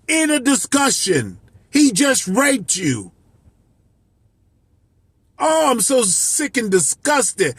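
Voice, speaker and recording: A man in his fifties from Miami, a life coach, delivering an impassioned, profane, shouting monologue. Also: sits high, no room sound. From Miami, United States. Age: 50s. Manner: shouting, profane, emotional ranting.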